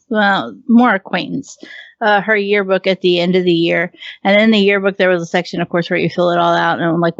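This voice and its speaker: A woman's voice: medium pitch, no room sound, highs cut off. A woman, chatting casually on a podcast and telling candid, self-mocking stories between laughs. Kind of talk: casual chat.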